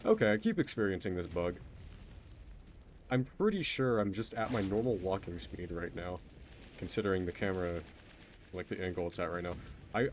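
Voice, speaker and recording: A man's voice: low voice, a little mellow, a little hiss or hum. A man streaming a video game, rambling casually, mocking himself and trailing off mid-sentence. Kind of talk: casual gameplay commentary.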